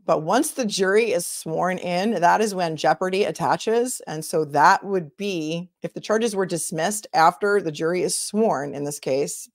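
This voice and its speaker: A woman attorney with a fairly low voice hosts a casual livestream, chatting and thinking aloud as she answers viewer comments. She speaks unhurriedly with few pauses, in a dry, clean studio recording.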